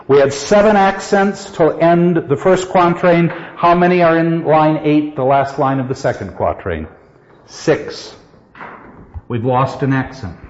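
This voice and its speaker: Guy teaching poetry to a class, quizzes the students, voice a bit high, dull lo-fi recording. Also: darkish tone. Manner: questions the class and reads verse slowly. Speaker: literature teacher. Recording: echoey hall, dull lo-fi sound.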